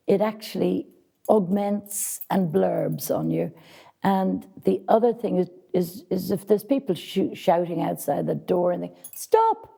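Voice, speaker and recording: A woman's voice: fairly low pitch, vocal fry, mellow, slightly rough. A woman casting director answering interview questions with direct, practical advice for actors, speaking frankly.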